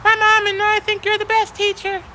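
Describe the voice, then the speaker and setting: A man voicing a dramatic teenage schoolgirl in a shrill falsetto, whiny and gushing. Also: completely flat delivery, normal speed, pushed and bright, a little hiss or hum, exaggerated voice.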